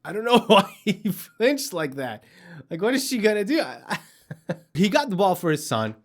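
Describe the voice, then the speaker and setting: A man's voice: high voice, big pitch swings, moderate pace. A man hosting a comedy news show, telling a story with sarcasm and mockery. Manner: sarcastic, mocking, acts out characters.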